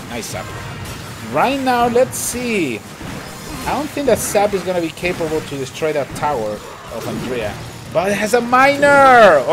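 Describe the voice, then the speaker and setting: Excitable Chilean man streaming a game. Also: sits high. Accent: Chilean Spanish. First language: Spanish. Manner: excitable, laughs often, repeats words. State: tired. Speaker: gaming streamer. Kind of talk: live-stream game commentary. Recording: clear background music. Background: music.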